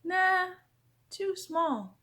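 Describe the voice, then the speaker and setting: A woman doing a brisk needle-happy doctor. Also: extremely high pitch, expressive, bright, forceful tone, pitched above the performer's own voice, exaggerated voice. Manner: drawn-out, sing-song dismissals.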